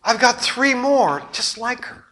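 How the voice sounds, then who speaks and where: A middle-aged man preaching a sermon, telling family stories with swings from loud outbursts to hushed asides. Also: very high-pitched, expressive, unhurried. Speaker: pastor.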